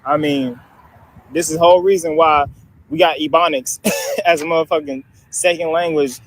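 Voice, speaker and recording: A man's voice: on the high side, steady tone, moderate pace. A man from Africa ranting casually in a clip, blunt and profane, laughing through his points. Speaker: social media video maker. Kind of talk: casual video rant.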